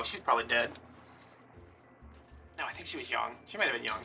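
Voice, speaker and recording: A man's voice: mid-range voice, a little fast, pauses often, pushed and bright, far from the mic, soft background music. A man, hosting a craft video and telling rambling, playfully dramatic stories. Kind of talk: casual storytelling while crafting.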